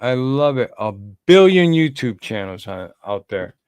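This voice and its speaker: A man talks casually on a livestream podcast, rambling and calling out viewers by name. His voice is smooth and clear, and he speaks slowly and unhurriedly. The sound is dry and close, with no room echo. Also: mid-range voice, very animated, a little mellow. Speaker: podcast co-host.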